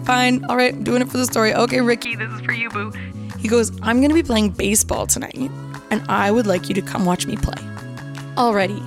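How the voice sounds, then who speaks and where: A young woman casually telling a dating story, acting out both sides of the conversation with big pitch jumps. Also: dry recording, studio quality. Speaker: storyteller recounting dates.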